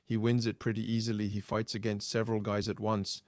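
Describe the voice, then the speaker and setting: A man's voice: fairly low pitch, little pitch movement, fairly quick, no room sound, clean studio sound. A man co-hosting a podcast in casual chat, easygoing, explaining things at length. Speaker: podcast co-host.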